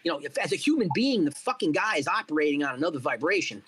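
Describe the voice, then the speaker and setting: High-voiced, profane storyteller man. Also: fast, husky. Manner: profane, animated storyteller acting out quotes. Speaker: guest, cannabis entrepreneur. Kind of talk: casual interview storytelling.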